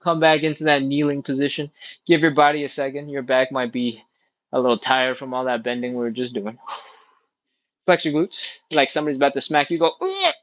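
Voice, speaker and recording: A man leading a live stretching workout, calmly cueing breaths, counting reps and encouraging beginners. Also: medium pitch, a little fast, no room sound, highs cut off. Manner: calm, encouraging, stretches out words on exhales. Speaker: stretching instructor.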